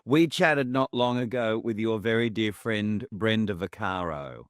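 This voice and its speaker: A man hosting an interview, paying his guest warm compliments. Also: lowish voice, unhurried, dry recording, studio quality. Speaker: interview host.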